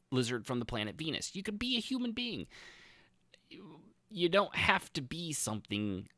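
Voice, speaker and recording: A man in his thirties, low-pitched but bright in tone, hosting a podcast in a loose, sarcastic ramble. His pitch swings widely as he restarts sentences and piles on fillers. The sound is close and dry. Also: dry recording. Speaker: podcast host. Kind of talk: casual commentary.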